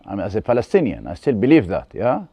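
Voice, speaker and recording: A man with an Arabic accent, a guest telling his life story in halting English with many restarts. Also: fairly low pitch, wildly swooping pitch, dark tone, dry recording. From West Bank. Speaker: interview guest.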